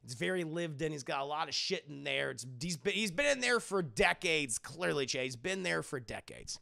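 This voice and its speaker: A man's voice: fairly high pitch, lively intonation, moderate pace, vocal fry, bright, forceful tone. A man recapping a TV episode on a live stream, chatting profanely and animatedly with his viewers.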